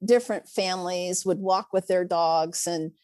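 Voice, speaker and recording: A woman, a former preschool teacher, telling classroom stories as a podcast guest, animated and laughing often. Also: on the low side, moderate pace, no room sound. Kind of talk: casual storytelling interview.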